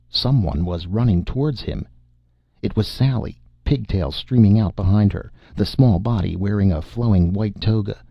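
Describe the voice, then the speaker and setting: A man narrates a horror story in a very deep, gravelly voice with a husky edge. The recording is dull and dry, like a simple home setup. He reads steadily and shapes each scene with care. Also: no echo. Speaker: audiobook narrator. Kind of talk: scripted narration.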